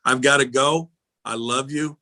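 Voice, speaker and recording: Blunt, folksy older baseball coach. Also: male voice, medium pitch, fairly even intonation, a little slow, pushed and bright. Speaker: guest, retiring baseball coach. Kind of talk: casual interview.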